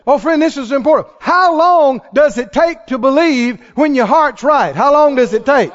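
High-voiced preacher, lively and emphatic. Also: male voice, normal speed. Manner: swings from hushed asides to shouted exclamations; fires rhetorical questions at the congregation. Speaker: pastor. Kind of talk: sermon. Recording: dull lo-fi recording.

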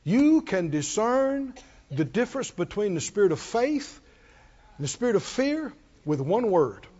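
A man's voice: high-pitched, very animated, a little slow, warm tone. A man preaching a sermon in a church, with emphatic call-and-response preaching. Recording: long hall reverb, dull lo-fi sound.

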